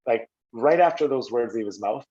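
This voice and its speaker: A middle-aged Canadian man, a former hockey player, telling stories casually on a podcast and acting out quotes with a raised voice. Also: moderate pace. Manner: animated, acts out quotes with raised pitch. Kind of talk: casual storytelling. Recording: slightly dull lo-fi audio.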